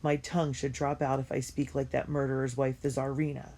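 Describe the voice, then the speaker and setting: A woman reading a first-person diary story aloud in an earnest and expressive way. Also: a bass voice, fairly quick. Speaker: audiobook reader.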